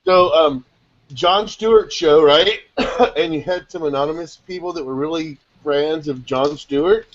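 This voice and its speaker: A man in a casual group video chat, explaining things in rapid, excitable rambles. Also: a little high. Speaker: SEO chat panelist. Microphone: video call. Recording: dull lo-fi call audio.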